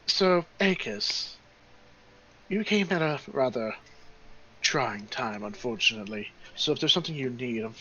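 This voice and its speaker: A man voicing a weary woman who leads a group of refugees, speaking in a measured, apologetic way. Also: mid-range voice, animated, sharp tone, dull audio, a little hiss or hum. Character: weary female leader of refugees.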